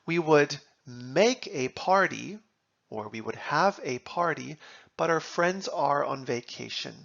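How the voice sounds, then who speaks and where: A man teaching German grammar, reading example sentences and translating them in a slow, deliberate lesson. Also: fairly high pitch, animated, vocal fry, fairly bright tone, muffled recording.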